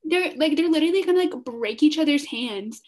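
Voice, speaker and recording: A woman's voice: high voice, expressive, fairly quick, a little mellow. A young woman co-hosting a podcast, gushing with enthusiasm in casual fan chat. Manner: enthusiastic, gushing, heavy use of "like". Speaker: podcast co-host.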